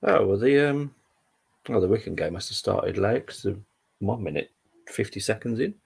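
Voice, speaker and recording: Young guy rambling about football on a stream, deep and super gravelly. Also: animated, normal speed, darkish tone. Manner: rambling, chatty, full of fillers and restarts. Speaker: livestream football update host. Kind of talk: casual live football chat.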